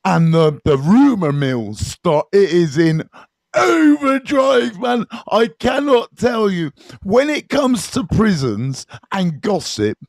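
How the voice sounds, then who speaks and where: A man, a recovery mentor telling stories to viewers on a live stream, casual and animated, swearing freely and often checking in with his listeners. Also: a little high, slow, dry recording. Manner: animated, swears freely, keeps checking in with "right?" and "you know what I mean".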